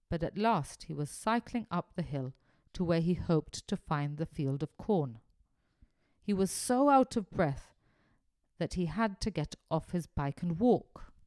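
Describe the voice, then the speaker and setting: A woman narrating a children's adventure story in an expressive, animated reading. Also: fairly low pitch, no room sound, clean studio sound.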